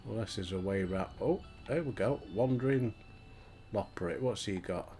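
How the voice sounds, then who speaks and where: Chatty old Yorkshire gamer. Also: male voice, fairly low pitch, normal speed, mellow. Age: older. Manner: chatty, swears and laughs often. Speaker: gaming streamer. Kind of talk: casual gaming commentary. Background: faint game music.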